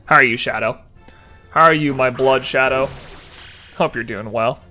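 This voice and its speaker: A man's voice: mid-range voice, moderate pace, pushed and bright, soft background music. A young man chatting casually with his live-stream chat, rambling and joking as he reads messages aloud.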